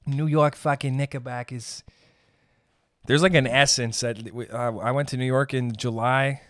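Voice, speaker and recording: A man hosting a podcast, ranting in a rambling, profane, comedic way and slipping into quick character voices. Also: mid-range voice, steady tone, fairly bright tone, no room sound, clean studio sound. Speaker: podcast host. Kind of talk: casual comedic rant.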